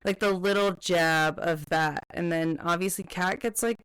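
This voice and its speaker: A woman's voice: lowish voice, steady tone, unhurried, fairly bright tone, smooth, no echo. A young woman co-hosting a casual book podcast, chatting loosely with lots of fillers and quoting characters as she goes. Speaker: podcast co-host.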